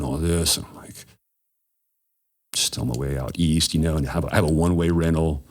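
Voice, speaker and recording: A man's voice: rumbling low, steady tone, brisk. A middle-aged man telling a story as a podcast guest, laid-back and profane, calling people "bro.". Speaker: podcast guest, cannabis grower. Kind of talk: casual storytelling.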